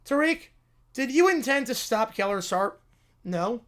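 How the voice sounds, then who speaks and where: A male host reacting to a game on a live stream. He talks in a low-key, offhand way and adds dry asides. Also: expressive, measured pace, fairly bright tone. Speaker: livestream host.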